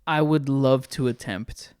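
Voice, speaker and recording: A man's voice: medium pitch, a little slow, a little mellow, smooth, no room sound, studio quality. A man co-hosting a podcast in casual chat, rambling and often restarting his sentences. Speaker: podcast co-host.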